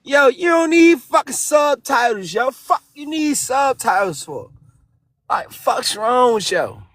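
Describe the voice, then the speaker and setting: A man with a Baltimore accent, a caller in a live online chat, ranting loudly and repeating himself with lots of profanity. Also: very high-pitched, very animated, slow. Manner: loud, profane, repetitive ranting. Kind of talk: casual chat.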